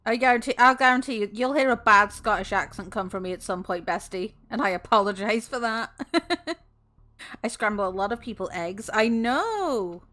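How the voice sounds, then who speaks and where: A woman's voice: on the high side, moderate pace, sharp tone. A woman streamer chatting casually with her viewers, bubbly and giggly, laughing often.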